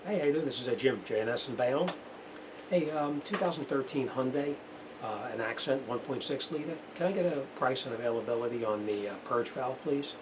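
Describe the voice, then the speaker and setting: A middle-aged man who fixes cars speaks fairly quickly at a mid-range pitch, giving a chatty, down-to-earth how-to demonstration with fillers. Background noise from the shop is audible.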